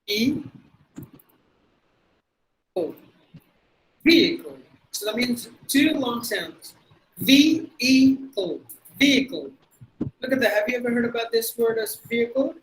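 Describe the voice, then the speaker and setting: A man's voice: extremely high pitch, moderate pace, pauses often, rough recording. A man with a Tamil accent teaching pronunciation in an online webinar, spelling words out letter by letter and repeating them. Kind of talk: online lecture. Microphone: video call.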